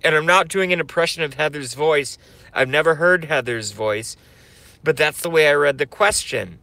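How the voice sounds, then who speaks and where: A man's voice: on the high side, moderate pace, vocal fry, sharp tone, no room sound. A man ranting profanely on a livestream, rambling and repeating his lines for comic effect. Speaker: streamer.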